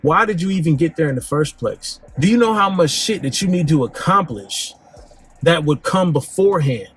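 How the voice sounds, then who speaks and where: A man hosting a dating advice talk, speaking bluntly in slang and swinging his pitch up and down for emphasis. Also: animated, normal speed, fairly bright tone. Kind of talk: casual direct-to-camera monologue.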